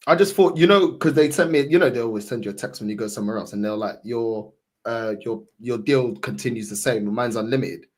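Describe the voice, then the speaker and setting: A man with a London accent hosting a stream, telling a story in quick, relaxed casual chat. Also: medium pitch. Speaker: streamer host.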